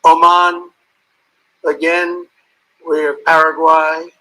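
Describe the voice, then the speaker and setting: A man's voice: fairly high pitch, little pitch movement, slow, pushed and bright, poor audio. A man giving an off-the-cuff ceremonial speech as head of state, rambling, ad-libbing and heaping praise on the leaders he calls out. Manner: rambling, ad-libbing, calling out guests by name; boastful, praising superlatives.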